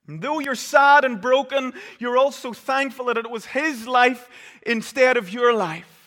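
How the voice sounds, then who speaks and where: A man preaching a sermon, telling the story vividly and swinging between loud, urgent passages and hushed ones. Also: extremely high pitch, measured pace. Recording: long reverb of a large hall.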